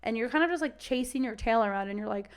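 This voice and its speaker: A woman's voice: fairly high pitch, quick pace, clear, resonant tone. A young adult woman dog trainer talking casually on a podcast, swearing freely and acting out the voices of dogs and owners.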